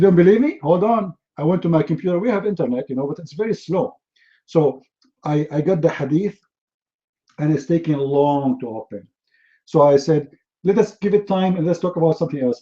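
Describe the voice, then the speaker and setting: A man's voice: on the high side, mellow, muffled recording. A man giving a humorous talk, telling stories in a mocking, sarcastic way. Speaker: speaker.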